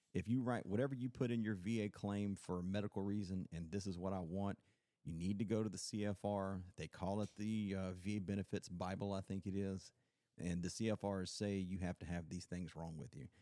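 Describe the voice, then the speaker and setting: A Coast Guard veteran, rambling through stories in a casual podcast chat, with lots of fillers and restarts. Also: male voice, low voice, warm tone, no room sound. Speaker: podcast host.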